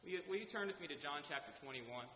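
A man's voice: on the high side, animated, quick pace, bright, forceful tone. A man preaching a sermon as pastor, earnest, reading scripture aloud to his congregation. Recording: echoey hall with faint hiss.

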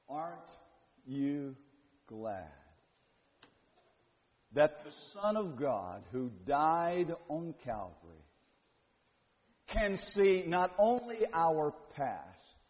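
A man preaching a sermon, retelling scripture with dramatic swings from hushed to loud. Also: fairly high pitch, sing-song, extremely slow, pauses often. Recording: long hall reverb.

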